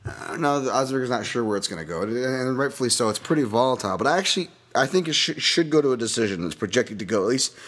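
A man hosting a solo podcast, breaking down upcoming fights in a rambling, animated and profane way. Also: medium pitch, quick pace, hardly any pauses, breathy edge. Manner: animated, rambling, profane, laughs at own bits. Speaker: MMA fight analyst podcast host.

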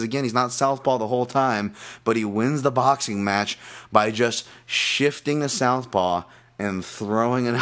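A man hosting a fight-analysis podcast, ranting with lots of swearing and restarts, then settling into a calmer betting breakdown. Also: mid-range voice. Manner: profane, animated ranting with many restarts. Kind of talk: casual ranting podcast talk.

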